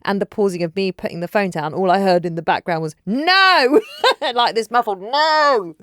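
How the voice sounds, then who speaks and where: A woman in her forties, co-hosting a podcast and telling family stories in animated casual chat. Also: on the low side, fast talker, no echo, studio quality. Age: 40s. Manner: animated storytelling, acts out quotes. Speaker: podcast co-host.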